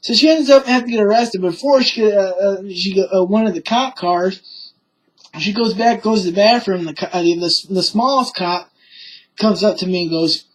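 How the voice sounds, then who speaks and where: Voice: medium pitch, normal speed, rough recording. A young adult speaker recounting a story off the cuff, in a loose, rambling voice. The talk is full of swearing, filler sounds and restarted sentences. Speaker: vlogger telling a personal story.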